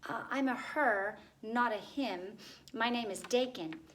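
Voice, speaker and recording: A woman's voice: fairly high pitch, unhurried, fairly bright tone, a little hiss or hum. A woman voicing a determined young girl speaking earnestly. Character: brave young girl Dakin climbing.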